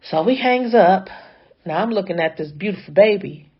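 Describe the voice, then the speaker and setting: A woman's voice: medium pitch, expressive, moderate pace, breathy edge, lo-fi sound. A woman braider telling a dramatic story in a chatty, casual way, talking straight to her viewers. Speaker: hair braider.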